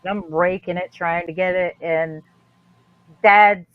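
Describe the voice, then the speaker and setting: A woman co-hosting a casual chat, telling a story with lively, animated delivery and jumping into high-pitched quoted voices. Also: unhurried, phone-quality sound, slight background noise. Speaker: co-host.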